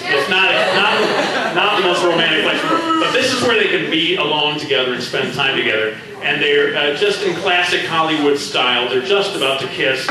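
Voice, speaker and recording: A man reading his own story aloud to a convention audience in a library room, animated with chuckling asides, recorded from far off in an echoey room. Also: on the high side.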